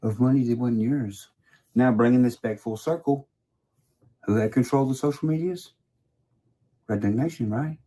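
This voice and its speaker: A man's voice: medium pitch, normal speed, long pauses, dark tone. Man, profane, mocking, angry rant. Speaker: video creator.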